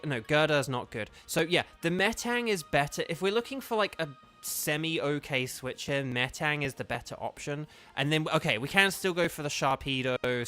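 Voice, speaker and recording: Man, bright forceful voice, rambling live-stream chat, faint game music behind. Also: medium pitch. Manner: rambling, chatty, thinks aloud with many "like"s. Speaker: streamer and voice actor. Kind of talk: casual live-stream chat while gaming.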